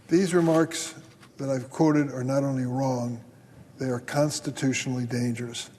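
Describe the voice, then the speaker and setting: A man's voice: fairly high pitch, a little mellow, husky. Older man giving a stern floor speech. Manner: measured, deliberate, stern delivery. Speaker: senator. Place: large legislative chamber. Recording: long hall reverb.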